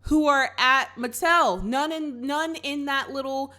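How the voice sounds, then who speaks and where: A young woman with a high, unhurried voice hosts a movie reaction, recapping the plot in casual chat. She's animated, acts out the characters' lines, and speaks right to her viewers, calling them y'all.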